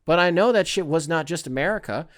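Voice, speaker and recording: A man's voice: on the high side, lively intonation, fast talker, a bit bright, no echo, studio quality. A man hosting his own podcast, talking alone in a rambling, profane, tongue-in-cheek way. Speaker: podcast host. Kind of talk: casual solo commentary.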